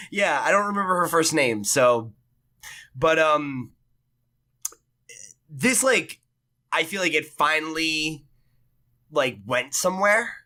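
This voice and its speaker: A man co-hosting a podcast in a casual review chat, animated, laughing often and swearing casually. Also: a little high, slow pace, long pauses. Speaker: podcast co-host.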